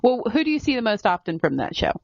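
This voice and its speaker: A woman hosting a podcast interview, asking questions in an easygoing, measured way. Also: fairly high pitch, sing-song, gravelly. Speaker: podcast host. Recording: dry, dull lo-fi podcast audio.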